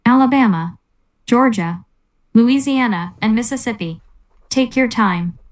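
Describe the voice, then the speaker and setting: A woman delivering a scripted satirical interview in a deadpan, mocking tone. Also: fairly high pitch, measured pace. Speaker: mock interviewer.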